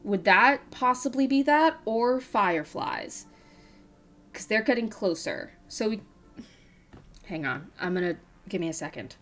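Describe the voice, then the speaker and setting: A woman's voice: mid-range voice, animated, unhurried, fairly bright tone, soft background music. A woman playing a tabletop game, thinking aloud in an uncertain way. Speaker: player. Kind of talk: tabletop game role-play.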